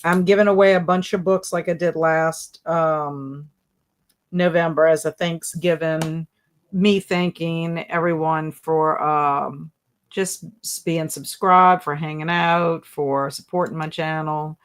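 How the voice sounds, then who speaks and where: A woman's voice: deep voice, fairly even intonation, takes it slowly. A woman hosting a casual book livestream, reading viewer comments aloud and laughing often. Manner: giggly, chatty, laughs often at viewer jokes. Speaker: booktube livestream host.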